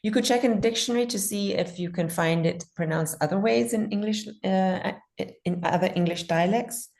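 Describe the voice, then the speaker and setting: A woman teaching pronunciation in an online class, patiently modeling words slowly and repeating them. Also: mid-range voice, gravelly, darkish tone.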